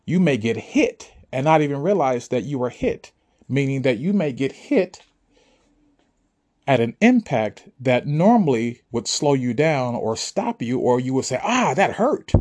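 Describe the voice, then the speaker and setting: His mid-range voice is expressive, a bit slow, and darkish in tone. Speaking as a spiritual figure, he gives his audience an emphatic, preachy motivational monologue, often asking if they understand.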